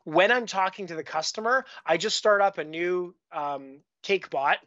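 A man from Canada, guesting on a podcast, speaks at a normal pace in a high-pitched voice that's bright and forceful. He rambles through casual stories about his work, with lots of restarts and fillers. The sound is lo-fi.

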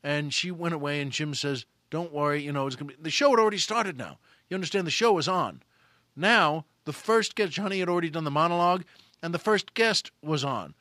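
A man telling a comic story, animated and acting out the voices of the people in it. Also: fairly high pitch, a little fast, dry recording, clean studio sound.

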